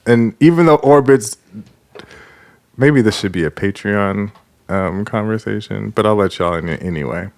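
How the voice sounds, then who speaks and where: A man's voice: lowish voice, normal speed, creaky. A young adult man hosting a podcast in casual chat, telling stories with lots of laughter and acted-out quotes. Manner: animated storytelling, laughs often, switches into quoted voices. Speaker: podcast host.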